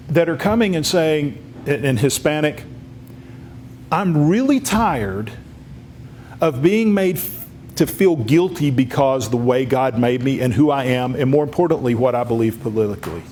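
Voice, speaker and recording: Man, mid-pitched voice, political luncheon speech, folksy storytelling, faint background noise. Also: darkish tone. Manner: folksy storytelling with many restarts. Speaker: congressman speaking at a luncheon.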